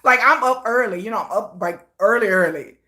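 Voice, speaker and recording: A woman hosting a casual livestream, chatty and high-energy, who laughs often and acts out playful scenes. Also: brisk, sharp tone. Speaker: livestream host.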